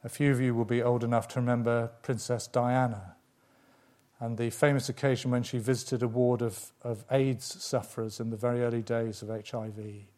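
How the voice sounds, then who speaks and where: A man's voice: mid-range voice, little pitch movement, dark tone. Emphatic man preaching a sermon. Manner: emphatic, with dramatic pauses and repetition.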